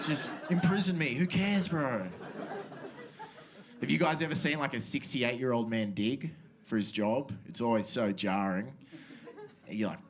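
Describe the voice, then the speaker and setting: A man's voice: mid-range voice, measured pace, long pauses. A young Australian man in his twenties doing a stand-up comedy set on a club stage, casual and slangy, with muttered asides into a handheld mic.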